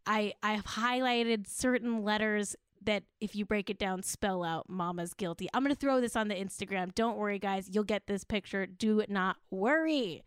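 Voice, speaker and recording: A woman's voice: mid-range voice, normal speed, hardly any pauses, clean tone, dry recording, studio quality. A woman hosting a comedic pop culture podcast, sarcastic and mock-earnest, laughing often. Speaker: podcast host.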